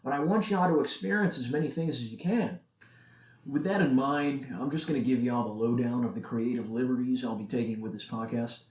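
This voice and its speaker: A man's voice: medium pitch, brisk, a little mellow. A nineteen-year-old man hosting a solo podcast, talking in a casual, earnest, motivational way. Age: late teens. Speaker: podcast host. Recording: echoey room.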